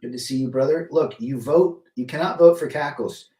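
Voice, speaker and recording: A middle-aged man hosts a casual livestream, reading chat, greeting viewers by name and offering blunt opinions. His voice is medium-pitched and warm, at a moderate pace. The mic sits at a distance, picking up a roomy echo.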